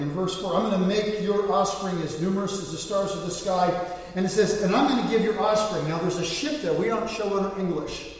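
A middle-aged man preaching a sermon, earnest, rising louder when he quotes scripture. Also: sits high, a little fast. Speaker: pastor. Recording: echoey hall, voice from far off the mic.

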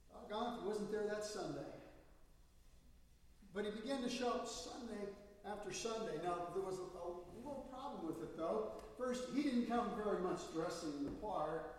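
Male pastor, high voice, storytelling sermon, recorded from far off in a church with a long reverb. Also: moderate pace. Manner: storytelling, animated quoting of people. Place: church sanctuary. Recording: echoey hall, voice from far off.

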